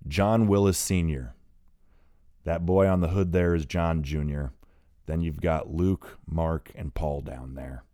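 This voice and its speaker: A man with a very deep voice voicing a gravelly old father who shouts orders to his sons in an audiobook. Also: fairly even intonation, a little slow, no echo, clean studio sound. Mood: subdued. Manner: pleading yet commanding, shouts to his sons. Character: gruff old male father, booming and gravelly.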